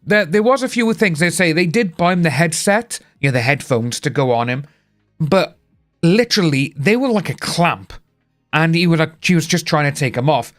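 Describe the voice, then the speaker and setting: A man's voice: fairly high pitch, expressive, moderate pace, fairly bright tone, soft background music. A young British man chatting casually on a live stream, rambling and greeting viewers by name. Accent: British English. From United Kingdom.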